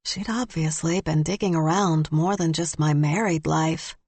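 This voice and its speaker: A woman narrating a first-person audiobook in measured, lightly wry storytelling. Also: low voice, darkish tone, husky, dry recording.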